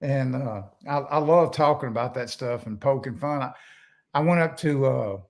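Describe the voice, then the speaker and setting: A man's voice: mid-range voice, normal speed, gravelly, a little mellow. An older man, a podcast guest telling folksy, rambling stories with many restarts. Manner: folksy, rambling, self-interrupting. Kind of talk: casual storytelling.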